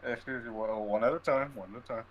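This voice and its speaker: A man chatting with friends over voice chat, laid-back and a little slow to answer. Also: mid-range voice, lo-fi sound, a loud crowd. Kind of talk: casual voice chat.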